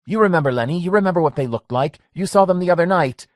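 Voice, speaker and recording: Desperate obsessive young man, voice pushed well up high, shrill and pleading, as a male narrator puts him on. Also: animated, fast, no echo, clean studio sound, natural voice.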